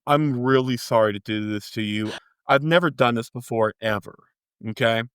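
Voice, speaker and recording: A man's voice: mid-range voice, normal speed, smooth, no room sound, studio quality. A man from East Texas hosting a movie podcast, brash, joking and profane. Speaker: podcast host. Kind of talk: casual podcast chat.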